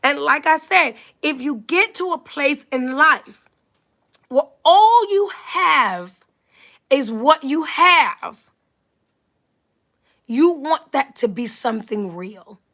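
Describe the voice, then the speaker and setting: Young woman preaching self-love, high pitch, kinda fry-y and scratchy from allergies, leans hard on repeats. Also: expressive, slow pace, pauses often, fairly bright tone. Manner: emphatic, repetitive preaching cadence. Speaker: motivational speaker. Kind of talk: motivational talk.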